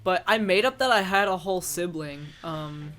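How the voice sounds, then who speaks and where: A man's voice: sits high, normal speed, over music. A young man co-hosting a casual podcast, telling a self-deprecating story with many "um" fillers. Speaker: podcast co-host and editor. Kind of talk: casual chat.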